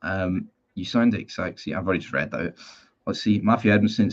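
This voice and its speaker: Speaking low and fast, a twenty-something Northern Irish man who streams about football chats on his live stream and reads out viewer comments. He's blunt and rambling, swears casually, and the recording has a dull lo-fi quality.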